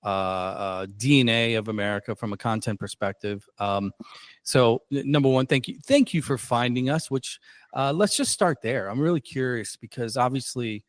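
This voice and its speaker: A man's voice: mid-range voice, normal speed, dry recording. A man hosting a casual podcast, rambling and self-deprecating, with lots of fillers and restarts. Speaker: podcast host.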